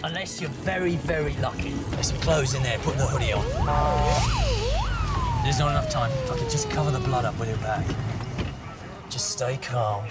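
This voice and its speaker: A brisk, bossy scientist who rattles off orders with a lively, swinging delivery. The voice sits back from the mic in a film clip, buried under loud music. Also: male voice, mid-range voice, recorded from a distance. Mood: urgent. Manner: hurried, instructive, commanding. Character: brisk male scientist patching up a cyborg. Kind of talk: film dialogue.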